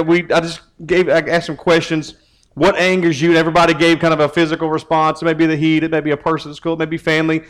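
A man's voice: a little high, a bit bright, low-quality recording. A man preaching a casual, conversational sermon as a youth pastor. He often repeats words as he starts his phrases.

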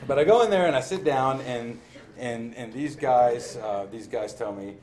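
This is a personal testimony about recovery, told by a man with a medium-pitched voice at normal speed while a crowd sounds in the background. He's candid, self-deprecating, and laughs frequently.

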